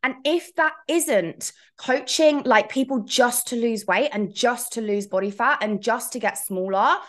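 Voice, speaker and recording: A woman's voice: on the high side, measured pace. A woman hosting a solo coaching podcast, talking frankly and chattily, wandering into asides and swearing playfully. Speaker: fitness coach and podcast host. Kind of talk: casual solo podcast chat.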